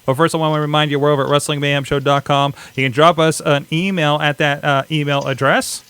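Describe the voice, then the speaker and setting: A man's voice: fairly high pitch, flat delivery, quick pace, fairly bright tone, smooth, no echo. A man hosting a casual wrestling podcast from a studio, upbeat and jokey, rattling off plugs. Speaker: podcast host. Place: home studio.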